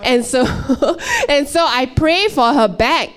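A woman's voice: high-pitched, huge pitch swings, takes it slowly. A woman telling a personal testimony in church, storytelling with hesitant fillers. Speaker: church member giving a testimony.

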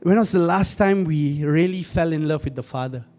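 A man's voice: a little high, normal speed, darkish tone. A young man preaching a conversational sermon, often calling out to the congregation and joking in asides. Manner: joking, laughs at his own asides.

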